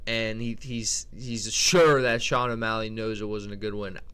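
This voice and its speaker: A man's voice: fairly low pitch, steady tone, unhurried, pushed and bright, smooth. A young man giving casual, profane, rambling commentary as a vlogger, often incredulous. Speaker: MMA tier list vlogger.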